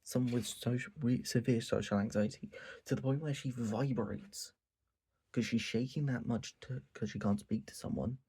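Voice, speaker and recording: A man's voice: medium pitch, moderate pace, breathy edge. A man ranting casually and profanely about a show late at night. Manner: animated, profane, repetitive ranting. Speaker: anime reviewer.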